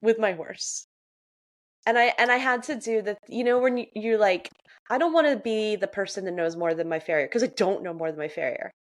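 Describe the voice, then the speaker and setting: A young adult woman from Central Florida, co-hosting a podcast in a relaxed, chatty way. She tells her stories animatedly, acting out what other people said and often breaking into laughter. Her voice sits at a middle pitch. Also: a little fast. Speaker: podcast co-host. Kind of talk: casual chat.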